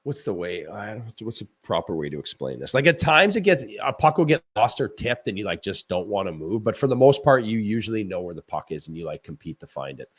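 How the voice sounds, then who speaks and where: A man, a former hockey goaltender, talking hockey in a loose, animated way with frequent restarts and laughs. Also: deep voice, slightly rough. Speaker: former goaltender, guest analyst. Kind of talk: casual post-game chat.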